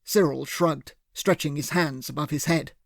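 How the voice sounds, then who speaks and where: A man's voice: on the high side, steady tone, moderate pace, creaky, no room sound, clean studio sound. Man narrating a thriller audiobook. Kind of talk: first-person thriller narration.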